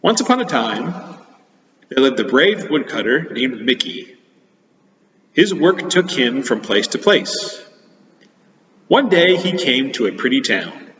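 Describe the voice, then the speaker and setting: A man teaching children, reading a storybook aloud in a playful, chatty and expressive way. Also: medium pitch, slow pace, pauses often. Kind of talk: storybook read-aloud for kids. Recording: echoey hall, dull lo-fi sound.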